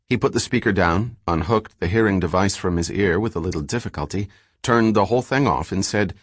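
A man narrating an audiobook in a steady, plain storytelling manner. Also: sits low, fairly quick, no room sound, studio quality. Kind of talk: scripted narration.

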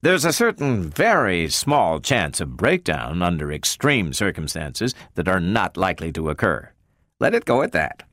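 A man reading a smooth, dismissive senior scientist in an audiobook, curt and condescending. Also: low-pitched, very animated, moderate pace, fairly bright tone, no room sound.

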